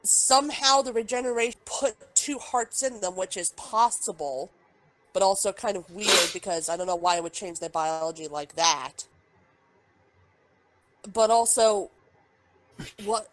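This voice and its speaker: A woman's voice: mid-range voice, moderate pace, a bit bright, low-quality recording. A woman co-hosting a casual review podcast, talking heatedly, swearing freely and firing off objections. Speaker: podcast co-host. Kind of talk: casual chat, episode review.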